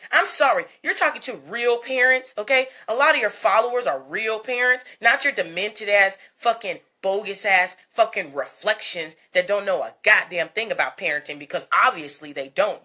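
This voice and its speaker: Woman, commentary host, bright voice, profane, mocking, laughing, blunt rant. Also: medium pitch, moderate pace, hardly any pauses.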